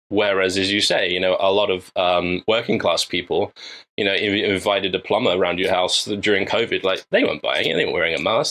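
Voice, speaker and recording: A man's voice: low voice, fairly bright tone, rough recording. A man from England, a filmmaker guest, talking casually over a video call and thinking aloud with many fillers and restarts. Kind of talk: casual interview chat.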